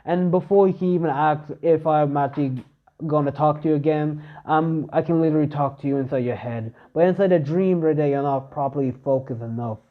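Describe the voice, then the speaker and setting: A man's voice: on the high side, brisk, phone-quality sound, close to an everyday voice. A man voicing the solemn spirit of a legendary armor, rambling with many fillers.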